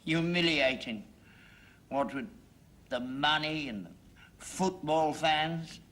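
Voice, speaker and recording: A grumpy old dad. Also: male voice, fairly high pitch, animated, slow, pushed and bright, heavily acted. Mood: grumbling. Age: older. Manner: grumbling, indignant, stubborn. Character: grumpy stubborn old London father, cantankerous. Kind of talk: sitcom acting.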